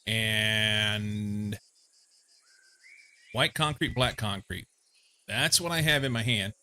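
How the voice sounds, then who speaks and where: Bright-voiced rambling streamer man. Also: on the low side, takes it slowly. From Missouri. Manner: rambling, meandering, many fillers. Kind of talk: casual chat while playing a game.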